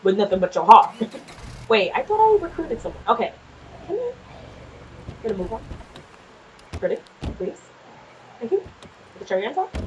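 A woman casually commenting on her gameplay, chatty and quick to swear, often laughing and talking back to the game's characters. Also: a little high, very animated, dull audio, a little hiss or hum. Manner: nervous and jumpy in scary moments. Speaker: gameplay streamer. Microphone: desk microphone.

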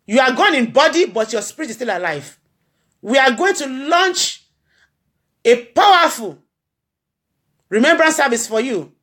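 A woman's voice: sits high, big pitch swings, measured pace, long pauses, fairly bright tone. A grieving woman with a Nigerian accent gives an earnest spoken tribute. She repeats her phrases with a preacher-like cadence. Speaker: blogger addressing her followers.

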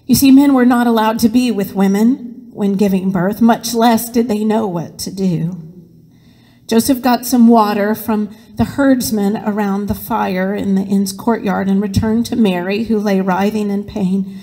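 A woman pastor preaching a sermon, telling a story slowly and expressively. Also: medium pitch, steady tone, dark tone. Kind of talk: sermon with dramatic reading. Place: church sanctuary. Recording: reverberant church sanctuary.

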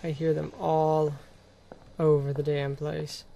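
A young man streaming live gameplay commentary into a desk microphone, excitable, swearing and talking back at the game. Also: a little high, takes it slowly, gravelly, slight background noise.

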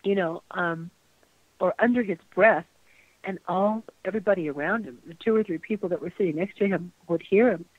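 An older woman is heard through a thin phone line with no room echo around her. She reminisces slowly and reflectively as an interview guest. She often repeats herself and lets her sentences trail off. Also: fairly low pitch. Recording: dry tinny phone line.

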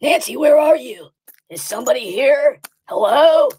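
A woman's voice: high-pitched, sing-song, normal speed, creaky, heavily acted. An actor voicing a frightened older man alone in his house, calling out anxiously. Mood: alarmed.

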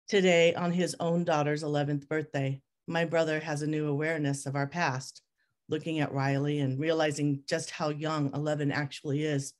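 A woman author reads her own memoir aloud with a low voice. Her delivery is measured and reflective, holding a steady pace through each line. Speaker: author reading her work. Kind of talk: memoir reading at a group reading.

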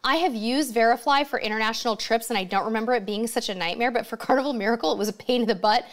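A woman's voice: on the high side, fast. A woman hosting a casual live-stream Q&A from home, reading out viewer comments and answering them with chatty enthusiasm. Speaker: livestream host answering viewer questions.

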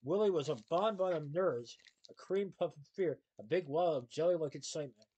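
A man reading a children's novel aloud, expressive and shifting into character voices. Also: fairly high pitch, brisk, husky, muffled recording. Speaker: storybook reader.

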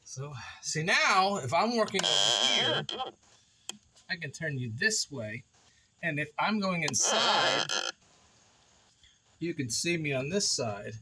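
A man's voice: on the high side, very animated, slow, long pauses, very noisy. A man chatting casually to his viewers while building a wooden project at his kitchen table, playful and joking at himself. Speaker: woodworking vlogger.

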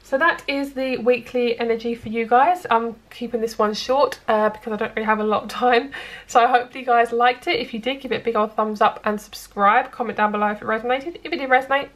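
A woman giving a casual, reassuring tarot reading straight to her viewers. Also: a little high. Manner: chatty, reassuring, addresses viewers directly. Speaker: tarot reader.

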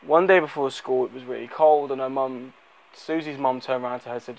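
Male reviewer, mid pitch, loose unscripted delivery with lots of fillers. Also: fairly even intonation, a little fast, creaky, highs cut off. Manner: rambling, many fillers and restarts. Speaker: movie reviewer. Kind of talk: unscripted spoken movie review.

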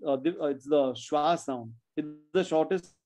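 A man's voice: fairly high pitch, normal speed, dark tone, faint music behind, rough recording. A man teaching children spelling in an online class, patiently sounding out words letter by letter.

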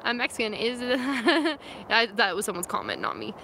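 Out in the wilderness, a young San Francisco woman live-streams on her phone camera, casually chatting and reading viewer comments aloud. Her voice sits a little high, with huge pitch swings, vocal fry, a sharp tone and a moderate pace. Faint outdoor noise sits under the recording.

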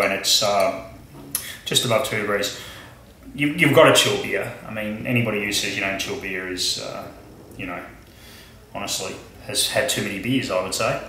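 A man's voice: mid-range voice, sharp tone, echoey room, poor audio. A man from Australia reviewing a beer at home in a casual tasting vlog, chatty and wry, with many fillers and asides.

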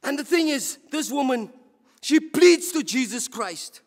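A man's voice: very high voice, very animated, a little slow. A South African man preaching a sermon in church as a deacon, impassioned, stumbling and repeating words as he goes. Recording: reverberant church hall.

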